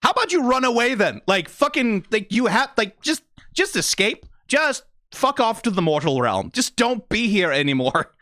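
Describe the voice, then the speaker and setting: Profane, excitable video reactor with a very lively pitch and a dry, close sound. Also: moderate pace, no room sound. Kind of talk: reaction commentary.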